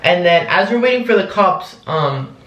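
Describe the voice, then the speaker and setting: A man's voice: high voice, animated, moderate pace, a bit bright, reverberant, poor audio. A young man recounting a story in a rambling, casual vlog, full of "like" and "um". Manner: rambling, lots of "like" and "um". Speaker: vlogger.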